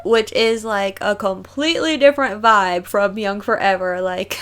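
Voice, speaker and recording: A woman's voice: medium pitch, moderate pace, smooth. A young woman chatting casually and emotionally while reacting to music videos, rambling and often laughing.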